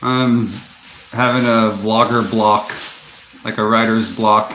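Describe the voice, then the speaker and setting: Slow-talking man vlogging outdoors at night. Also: lowish voice, little pitch movement, background noise. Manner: slow, rambling, self-mocking sarcastic talk. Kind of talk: casual night-time vlog. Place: outdoors at night in a rural yard.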